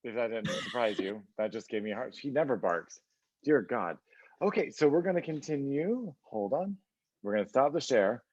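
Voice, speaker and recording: A man's voice: medium pitch, expressive, normal speed, darkish tone, husky, no room sound, muffled recording. A man hosting a casual video call interview, playful and gushing, easily sidetracked.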